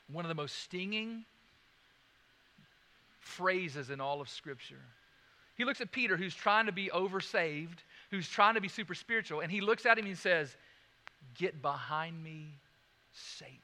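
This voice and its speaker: A man preaching a sermon, swinging from loud emphasis to hushed, slow lines and repeating key phrases. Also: high voice, lively intonation, long reverb tail, a little hiss or hum. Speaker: pastor.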